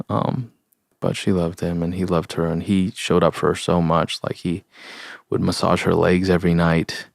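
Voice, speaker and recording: A young adult man hosting a podcast, talking in an earnest, heartfelt and halting way. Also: deep voice, little pitch movement, creaky, no room sound, clean studio sound. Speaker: podcast host. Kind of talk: solo reflective podcast talk.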